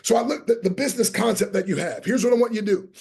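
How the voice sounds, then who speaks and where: High, gravelly preacher-like motivational speaker man. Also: very fast, a little mellow. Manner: preacher-like, emphatic, rallies listeners; spells out key words letter by letter. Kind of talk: motivational business talk. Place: online training session.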